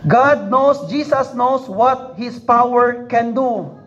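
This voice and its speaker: A man's voice: very high-pitched, slow. A man preaching a sermon, repeating phrases for emphasis and asking the congregation questions. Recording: dull lo-fi recording.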